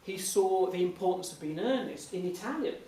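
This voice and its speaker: Impressionist guy chatting at a q&a, very bouncy lively voice, echoey hall, a bit far from the mic. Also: sits high, a little fast. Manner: animated, lively storytelling with frequent restarts and laughs. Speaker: impressionist speaking as guest. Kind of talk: audience Q&A anecdotes. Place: large hall before an audience. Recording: echoey hall, mic from a distance, faint noise.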